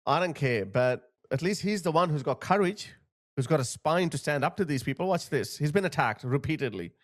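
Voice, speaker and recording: A man's voice: fairly high pitch, lively intonation, a little fast. A man hosting a commentary channel, talking bluntly and emphatically to his viewers as he reacts to video clips.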